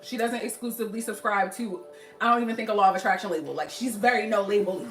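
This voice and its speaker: A woman's voice: medium pitch, fast, far from the mic, faint music behind. A woman in her twenties from Philadelphia with a Philly accent, chatting casually and animatedly to her livestream viewers. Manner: chatty and animated, laughing often, talking straight to viewers. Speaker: livestream host. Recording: roomy and set back from the mic.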